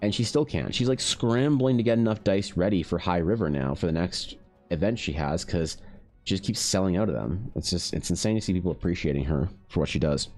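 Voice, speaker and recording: Casual male streamer, low voice, rambling and profane, faint music underneath. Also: animated, a little fast, darkish tone. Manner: rambling, restarts often, swears freely. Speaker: artist streaming while drawing. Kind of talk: casual chat with stream viewers.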